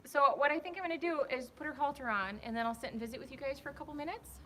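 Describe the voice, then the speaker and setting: A young woman with a fairly high voice talks her viewers through a horse lesson, rambling and chatty as she works. She speaks from a riding arena into a camera set on a tripod. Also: racing, fairly bright tone, slight background noise. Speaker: horse trainer. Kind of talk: live-stream riding commentary.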